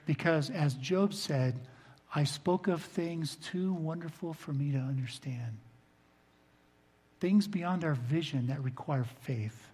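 A man's voice: slow, husky. Older man preaching in an echoing hall. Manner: earnest, swings between loud emphasis and soft low asides. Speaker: pastor. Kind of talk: sermon. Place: church sanctuary. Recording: long reverb of a large hall.

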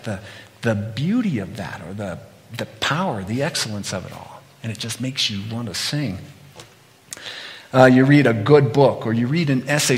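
Man preaching in a reverberant hall. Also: mid-range voice. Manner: conversational, animated storytelling with acted-out quotes. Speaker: pastor. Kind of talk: sermon.

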